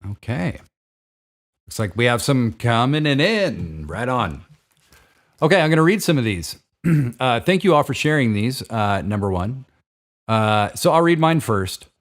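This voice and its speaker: A man hosting a live show, reading listener writings aloud in a relaxed way, with fillers and stumbles over names. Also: mid-range voice, unhurried. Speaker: host.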